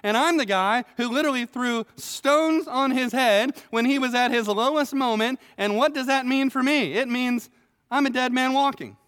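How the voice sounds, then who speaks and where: A man doing a frantic, stammering traitor begging for his life, pitched well above his own clear, resonant voice and pushed louder, ringing through a hall with a long echo. The pleading comes fast and anxious, full of stumbling repeats. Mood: panicked pleading. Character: groveling, panicky male turncoat begging for mercy.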